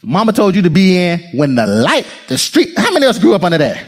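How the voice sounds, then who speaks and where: With a high voice and a quick pace, this man preaches as a pastor, animated throughout, calling out to the congregation and performing the voices in his message.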